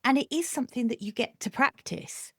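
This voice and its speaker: A woman's voice: high-pitched, fairly quick, a bit bright, husky, dry recording, studio quality. A woman hosting a podcast interview, speaking in a reflective, earnest and candid manner. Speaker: podcast host. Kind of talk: conversational interview.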